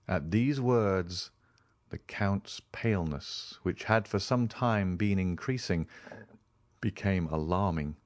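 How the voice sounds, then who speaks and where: A man narrating a classic novel as an audiobook, reading in an expressive, measured literary style. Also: low-pitched, no room sound. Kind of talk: scripted narration.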